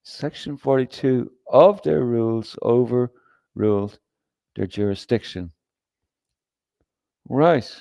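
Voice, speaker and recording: A man's voice: mid-range voice, takes it slowly, vocal fry, long pauses, dark tone, no room sound. A man hosting a livestream, talking in a rambling, profane, emphatic way with frequent restarts and reading comments from chat. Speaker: livestream host.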